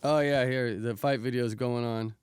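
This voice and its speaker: A man's voice: mid-range voice, steady tone, moderate pace, a little mellow, clear, resonant tone, dry recording, clean studio sound. A married man with kids telling a story in a casual, slangy, profane way and saying "bro" a lot. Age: adult, married with kids. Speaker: podcast host recounting an incident.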